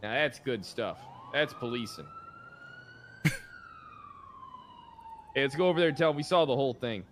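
A man's voice: fairly high pitch, wildly swooping pitch, moderate pace, long pauses, a little hiss or hum. A man streaming a roleplay game, trading profane, wisecracking banter in character. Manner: profane, wisecracking, yells at drivers.

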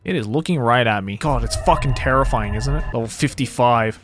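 A man streaming a video game live, commenting excitedly with lots of slang and swearing. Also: mid-range voice, a little fast, soft background music.

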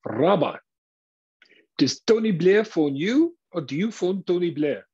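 An eager little South African man pipes up from the crowd, his voice pitched a little high and his questions earnest and insistent, as a lecturing man puts him on. The recording is dull and lo-fi. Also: big pitch swings, unhurried, dark tone, slightly rough, full character voice.

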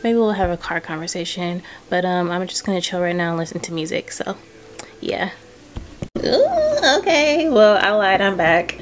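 At home indoors, a relaxed young vlogger from Southern California talks straight to her stand-mounted camera, addressing viewers as "girl" and "y'all." She speaks at a normal pace in a steady, slightly low voice, while household sounds come through clearly on the camera's audio.

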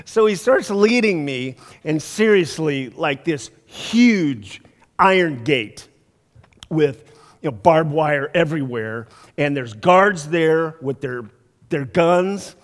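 A male pastor giving a conversational storytelling sermon, laughing often and dropping soft for emphasis. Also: fairly high pitch, lively intonation, takes it slowly. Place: church sanctuary. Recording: long church hall reverb.

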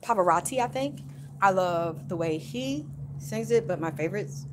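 A woman's voice: mid-range voice, expressive, moderate pace, background noise. A woman working as a spiritual medium, channeling in a casual livestream from outdoors in her yard, rambling along with frequent sighs and small laughs.

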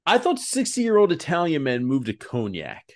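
A man co-hosting a podcast in casual chat, animated, acting out the people in his stories. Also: fairly high pitch, moderate pace. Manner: animated storyteller, acts out quoted people. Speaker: podcast co-host.

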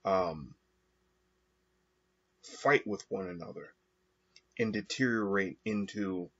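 A man talking through his thoughts alone in a slow, halting monologue with frequent pauses and fillers. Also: low-pitched, fairly bright tone, slightly rough. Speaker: podcast host. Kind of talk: reflective monologue. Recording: dull lo-fi recording.

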